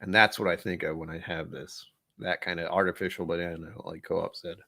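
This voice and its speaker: A man's voice: sits low, little pitch movement, fairly quick, creaky, sharp tone. A man hosting a casual tasting livestream, talking in a rambling, offhand way and thinking aloud. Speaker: livestream host.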